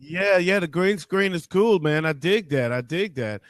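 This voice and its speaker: A man's voice: sits high, lively intonation, normal speed, no echo. A man from Detroit hosting a casual morning livestream, joking loosely, cursing freely and greeting viewers by name. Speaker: livestream host.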